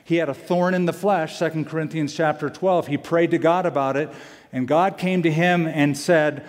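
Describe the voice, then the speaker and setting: A male pastor preaching a sermon, animated and emphatic, repeating key lines for weight. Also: a little high, moderate pace. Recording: long hall reverb.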